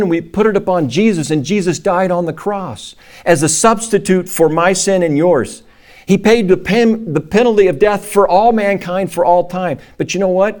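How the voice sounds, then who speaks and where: A middle-aged man preaching a sermon, acting out quoted voices in a raised pitch and dropping low for solemn lines. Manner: animated, acts out quotes in a raised voice. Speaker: pastor.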